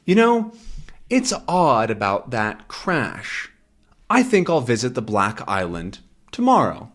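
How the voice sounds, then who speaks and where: A man's voice: mid-range voice, huge pitch swings, slow pace, a bit bright, heavily acted. A man doing Tintin, a fearless young reporter. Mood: curious. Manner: eager, fearless.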